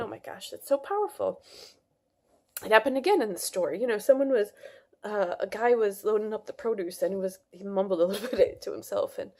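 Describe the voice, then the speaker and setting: A woman's voice: medium pitch, dark tone. A woman talking earnestly to camera in a casual, rambling monologue, full of restarts and fillers, as a wellness vlogger.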